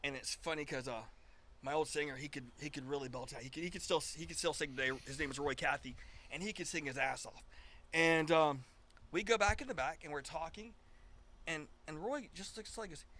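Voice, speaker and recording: A man's voice: a little high, fairly quick, sharp tone. A man in his fifties, a guest musician, telling stories in a casual chat, acting out quoted dialogue with frequent restarts.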